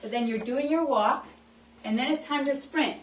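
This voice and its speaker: A woman chiropractor giving an animated exercise talk, coaching her listeners along as she demonstrates. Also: high voice, normal speed, a little hiss or hum. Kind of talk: animated instructional talk to a group. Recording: echoey room, voice picked up from a distance, dull sound.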